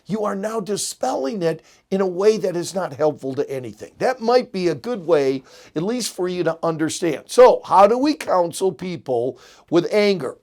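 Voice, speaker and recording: A man's voice: sits high, a little mellow. A middle-aged man giving an earnest, emphatic lecture on counseling, addressing students directly. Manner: earnest, emphatic, illustrates with examples. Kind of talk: recorded seminary lecture.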